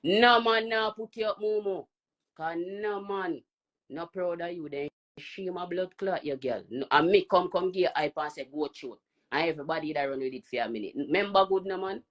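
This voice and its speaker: A Jamaican man taunting and ranting loudly on a live stream. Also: high-pitched, normal speed. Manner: loud, taunting, repetitive. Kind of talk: heated live stream rant.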